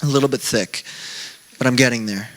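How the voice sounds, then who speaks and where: A young man preaching a sermon as pastor, telling stories in a lively, self-mocking, conversational way. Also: mid-range voice, fairly quick. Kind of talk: sermon with casual storytelling.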